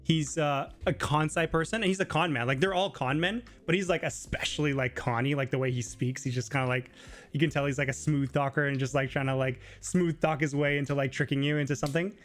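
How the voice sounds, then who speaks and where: A man hosting a casual live Q&A stream, talking loosely with lots of fillers and sometimes mimicking other people in a high voice. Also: steady tone, brisk, soft background music. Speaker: livestream host.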